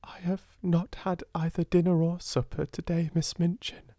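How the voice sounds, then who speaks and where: Sad quiet little girl, guy voicing her, soft and grave, higher pitched. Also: flat delivery, normal speed, no room sound, studio quality.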